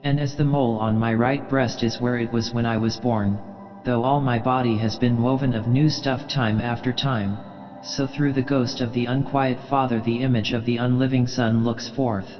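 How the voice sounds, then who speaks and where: A man reading the lines of a brooding young male scholar, solemn and deliberate. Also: medium pitch, steady tone, lightly acted. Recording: reverberant dull recording, faint music.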